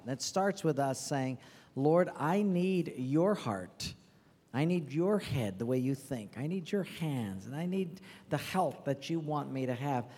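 A man, the pastor, closing the service with an earnest exhortation. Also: high voice. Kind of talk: sermon. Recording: reverberant hall.

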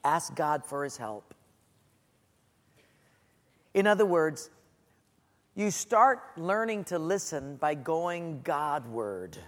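Middle-aged male preacher, animated storyteller, high voice, echoey hall. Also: slow, pauses often. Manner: storytelling, animated, acts out quotes. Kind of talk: sermon.

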